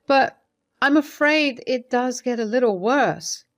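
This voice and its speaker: A woman's voice: high-pitched, animated, slow, voice pushed up, exaggerated voice. A woman voicing a caring middle-aged mother-in-law who speaks hesitantly and soothingly while reading a story's dialogue. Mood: concerned.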